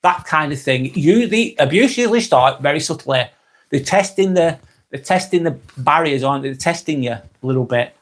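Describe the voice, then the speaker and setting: Northern English male live-streamer, slightly high voice, chatty and blunt, repeats himself. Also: expressive, moderate pace. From England. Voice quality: blunt, swears freely. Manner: chatty, repeats points, thanks viewers. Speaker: live vlog host. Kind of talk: casual live-stream talk.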